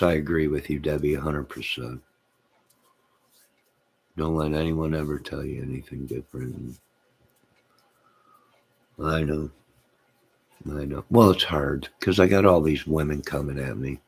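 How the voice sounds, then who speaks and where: A man's voice: a bass voice, creaky, breathy edge. A man hosting his own channel, rambling to his live chat, reading out comments and laughing to himself. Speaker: channel host.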